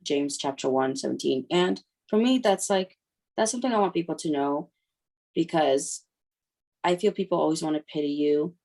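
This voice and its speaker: A low-pitched woman. She talks as a guest in a relaxed interview, telling stories and slipping into the voices of the people she quotes. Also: normal speed, vocal fry. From Ukraine. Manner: lively storytelling that acts out quoted voices. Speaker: guest, mother. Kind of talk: casual interview.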